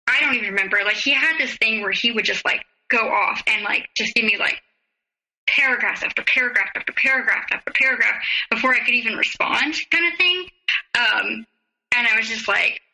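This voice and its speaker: A woman, a podcast guest, telling her own story haltingly and recounting past conversations in detail. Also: on the high side, sharp tone, low-quality recording. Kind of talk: personal storytelling in an interview.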